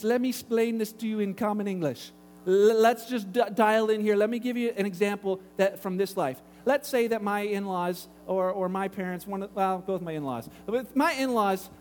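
Male pastor, very high voice, informal storytelling sermon; long hall reverb. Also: a little mellow, slight background noise. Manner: informal storyteller with joking asides. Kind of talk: casual conversational sermon.

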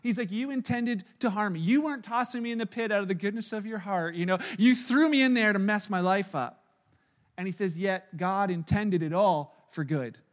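A man in his thirties preaching a sermon as pastor, animated and acting out quoted voices, swinging from loud to soft. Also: high-pitched, normal speed, in a large hall.

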